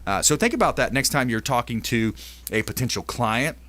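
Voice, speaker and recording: A man's voice: medium pitch, animated, a little fast, a bit bright. A man hosting a casual radio talk show, upbeat and salesy, trading tips with his guests. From Tampa Bay area, Florida.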